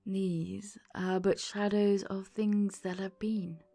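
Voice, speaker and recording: A woman voicing a gentle, mild ghost in a storybook reading, speaking softly and slowly. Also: medium pitch, flat delivery, creaky, faint music behind. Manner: soft, mild, measured.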